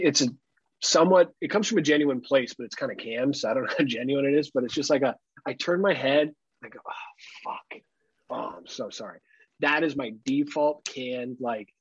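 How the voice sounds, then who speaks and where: Male podcast co-host, husky, jokey and profane, dull dry recording. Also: medium pitch, no room sound. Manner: joking, swears freely, acts out mock quotes. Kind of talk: casual podcast chat. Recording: slightly dull dry sound.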